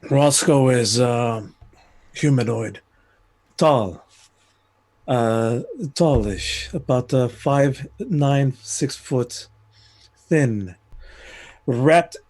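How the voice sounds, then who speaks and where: Slow, hesitant male player. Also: medium pitch, darkish tone. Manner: unhurried, hesitant. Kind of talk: casual chat.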